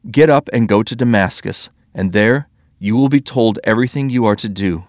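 A calm, commanding voice from heaven giving measured orders in a spoken scripture story, as a man reads it aloud. The tone is low and even. It is recorded dry and close. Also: no echo, lightly acted.

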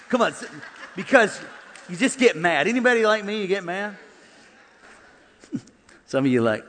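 Bright, high-voiced preacher man, echoing hall. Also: big pitch swings, brisk, long pauses, slight background noise. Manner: swings from hushed storytelling to loud shouted preaching. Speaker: pastor. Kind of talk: comedic sermon. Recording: long hall reverb.

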